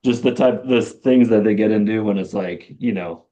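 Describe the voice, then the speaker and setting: A man with a very low, mellow voice, a musician guest in a casual interview. He speaks in a relaxed and hesitant way, trailing off into fillers. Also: moderate pace. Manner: laid-back, hesitant, many fillers.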